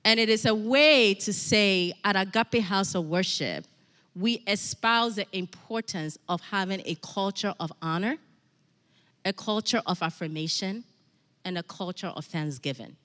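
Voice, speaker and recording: Bright-voiced woman speaking in an echoing church. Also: mid-range voice, unhurried. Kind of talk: church address. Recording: long reverb of a large hall.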